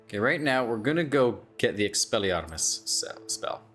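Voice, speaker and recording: A man's voice: medium pitch, big pitch swings, a little fast, a bit bright, faint music behind. A man streaming a video game, joking and self-mocking with drowsy asides. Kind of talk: casual game commentary.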